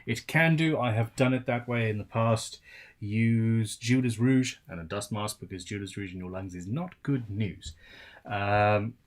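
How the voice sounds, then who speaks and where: A man's voice: on the low side, moderate pace. A tired man, hosting a casual live-stream Q&A as a luthier, chatty and rambling with self-deprecating asides.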